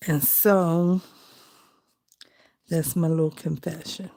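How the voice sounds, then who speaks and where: A woman's voice: low voice, fairly even intonation, slow pace, gravelly, long pauses, mellow. A middle-aged woman, chatting in a heartfelt, folksy way while she crafts for her vlog. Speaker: crafting vlogger. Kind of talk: casual chat while crafting.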